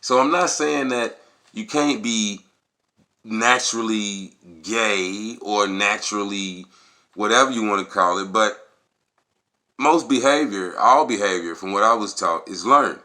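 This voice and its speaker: A man's voice: on the low side, measured pace, sharp tone. A man talking casually on camera, giving a rambling, profane opinion monologue and acting out quotes with animation. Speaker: video blogger.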